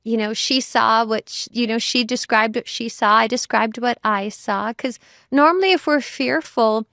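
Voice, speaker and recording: Woman guest, mother, reflective and searching, a touch high, dry close mic. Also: moderate pace, vocal fry, fairly bright tone, dry recording. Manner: thoughtful, frequent "you know" and "like" fillers. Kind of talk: reflective conversation.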